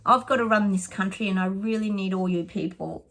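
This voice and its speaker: A woman's voice: mid-range voice, fairly quick, fairly bright tone, close to an everyday voice. Aussie woman doing a whining self-pitying politician. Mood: mock self-pity. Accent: Australian. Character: whiny crying male politician, self-pitying.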